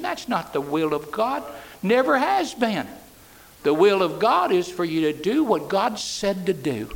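Gravelly preacher man, high and swooping. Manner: preaching with sudden swings from loud to soft. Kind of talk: sermon.

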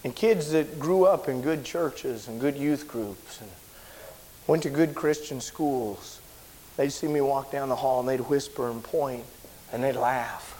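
A man preaching, telling a personal story in a sermon, animated and shouting at the big moments. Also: measured pace. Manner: animated storyteller, shouts at high points, drops low and quiet when somber.

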